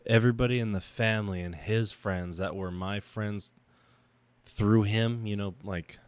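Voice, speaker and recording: A man's voice: fairly low pitch, steady tone, unhurried, clean tone, no echo. A young man hosting his own podcast, talking about himself in a raw, emotional monologue that halts and restarts. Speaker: podcast host. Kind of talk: personal reflective monologue.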